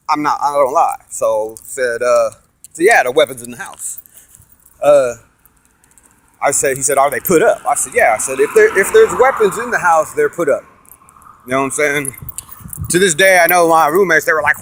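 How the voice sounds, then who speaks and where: A man's voice: mid-range voice, animated, moderate pace, pauses often, no echo. Rambling, foul-mouthed man telling a story. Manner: rambling, swears constantly, many fillers; acts out quoted voices loudly. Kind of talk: casual storytelling monologue.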